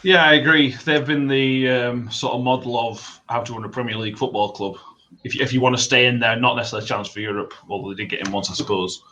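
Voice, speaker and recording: A man's voice: medium pitch, fast, sharp tone, highs cut off, a little hiss or hum. A man hosting a casual football podcast, rambling and swearing freely as he signs off. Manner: swears, laughs often, rambling sign-off. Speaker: podcast host.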